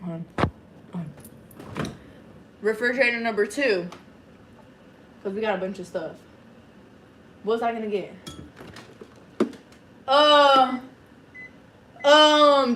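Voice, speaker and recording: Loud swearing young woman streamer. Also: fairly high pitch, very slow, pauses often, slight background noise. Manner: loud, swearing, animated rambling. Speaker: livestreamer. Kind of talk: casual live stream chat. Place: home kitchen.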